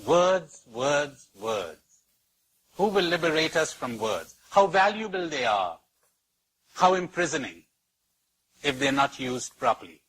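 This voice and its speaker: A man giving a spiritual talk to an audience, storytelling slowly and emphatically with lots of repetition and wide swings in pitch. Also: very animated, a bit bright, slightly rough, rough recording. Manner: storytelling with anecdotes. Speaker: spiritual teacher.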